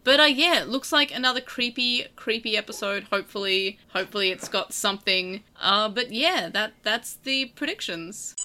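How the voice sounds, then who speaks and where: A woman hosting a casual podcast chat, chatty and quick to laugh. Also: medium pitch, pushed and bright. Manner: chatty, laughs easily, many fillers. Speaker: podcast host.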